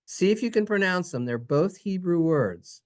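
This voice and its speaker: Brief: playful lesson narrator, singsong and teasing, very lively pitch. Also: moderate pace. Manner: animated, jokey, singsong. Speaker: teacher.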